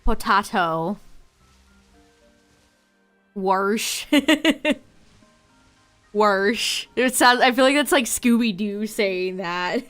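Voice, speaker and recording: A woman's voice: a little high, a bit bright. A young woman streaming a game, chatting playfully and giggling often. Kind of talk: casual chat while streaming a game.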